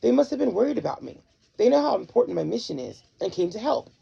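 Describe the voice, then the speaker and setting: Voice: medium pitch, very animated, fast, gravelly, mellow, husky, dull audio, voice pushed up, full character voice. A reader voicing a cheerful, earnest male talking dog who speaks in a literal, formal way. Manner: literal, eager, formal speech.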